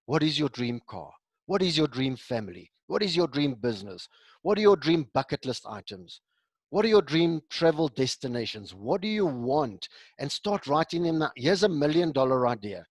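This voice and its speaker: A man's voice: medium pitch, very animated, normal speed, no room sound. Enthusiastic motivational speaker, man, dry sound. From South Africa. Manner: enthusiastic, repetitive, rhetorical questions. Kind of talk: recorded motivational talk. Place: home during lockdown.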